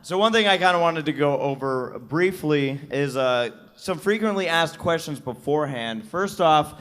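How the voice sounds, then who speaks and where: A man's voice: a little high, lively intonation, normal speed, a bit bright. Upbeat man hosting a convention panel. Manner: upbeat, joking, talking to a crowd. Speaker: panel host.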